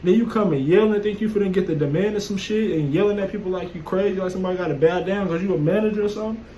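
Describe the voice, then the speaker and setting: A man's voice: high voice, racing, dark tone, a little hiss or hum, low-quality recording. A man telling a casual, profane story in a blunt, streetwise way. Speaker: vlogger. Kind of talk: casual monologue.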